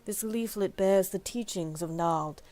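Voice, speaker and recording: A woman voicing a sly male priest who speaks in a slow, solemn, pious way in a game. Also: mid-range voice, dark tone, natural voice. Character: sly male priest, pleading when caught.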